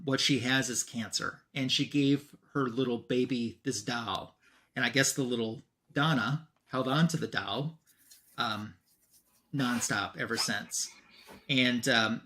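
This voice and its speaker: A man hosting a comic review show, casually retelling a story with lively swings in pitch and loudness and many ums.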